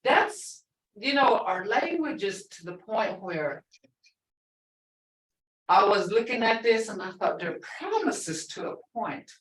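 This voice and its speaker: A woman's voice: mid-range voice, big pitch swings, slow pace. Older woman teaching from across a roomy space. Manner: explains plainly with many examples and asides. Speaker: language teacher. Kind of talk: language lesson. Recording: roomy, from far off.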